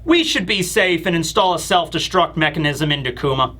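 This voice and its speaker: A man's voice: a little high, expressive, a little fast, sharp tone. A man voicing a scheming male elder official who makes casual demands.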